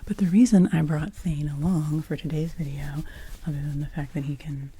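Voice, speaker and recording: A woman hosting ASMR, chatting in a soft, meandering, playful whisper and softly repeating her phrases. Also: low voice, steady tone, moderate pace, a little hiss or hum. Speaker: ASMR channel host.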